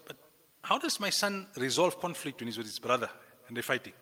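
Male preacher, sermon, very bright tone, lively pitch, long hall reverb. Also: fairly quick. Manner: animated, acts out quoted voices. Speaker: Islamic preacher.

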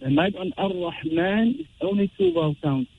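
A man teaching Quran recitation rules, explaining slowly and chanting drawn-out example verses. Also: very high-pitched, very animated, gravelly, slight background noise. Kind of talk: tajweed lesson with recited examples. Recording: tinny phone-like radio sound.

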